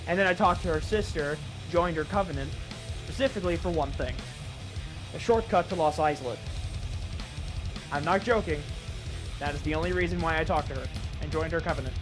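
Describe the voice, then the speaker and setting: Animated woman narrating her gameplay. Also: mid-range voice. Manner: exasperated, self-mocking, swears casually. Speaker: gaming YouTuber. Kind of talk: casual gameplay commentary.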